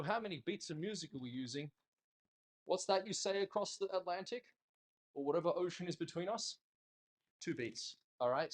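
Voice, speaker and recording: A man teaching a dance class in a studio, talking casually and in an animated way, joking bluntly and swearing now and then. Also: fairly high pitch. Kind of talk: casual instructional talk.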